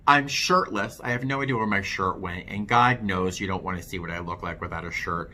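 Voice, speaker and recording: A man's voice: low voice, expressive, moderate pace, pushed and bright. A man vlogging his own recovery story, frank and self-deprecating, talking loosely with plenty of fillers. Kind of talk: candid personal storytelling to camera.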